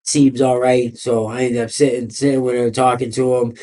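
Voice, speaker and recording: A man's voice: mid-range voice, little pitch movement, moderate pace, dark tone. A man, a podcast guest telling his story in a rambling, profane way, full of "like" and "you know.". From Boston area. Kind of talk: casual interview storytelling.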